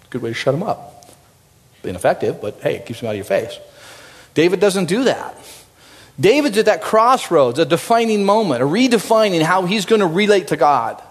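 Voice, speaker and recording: A male pastor preaching a sermon in an animated, conversational way, swinging from loud, high emphasis to low, quiet asides. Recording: long reverb of a large hall.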